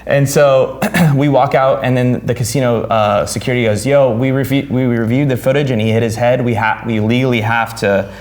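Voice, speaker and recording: A man hosting a podcast who tells a story in casual chat, swearing freely and loudly acting out what people said. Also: medium pitch, normal speed, hardly any pauses. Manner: animated, swears freely, acts out quotes loudly. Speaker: podcast host.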